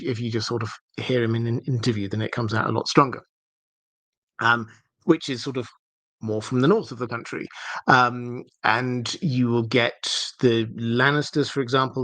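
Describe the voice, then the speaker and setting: A man hosting a livestream Q&A, talking things through in a thoughtful, halting way with many fillers and restarts. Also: medium pitch, a bit bright, dry recording, low-quality recording. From southern England. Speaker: livestream host answering viewer questions. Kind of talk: unscripted Q&A livestream.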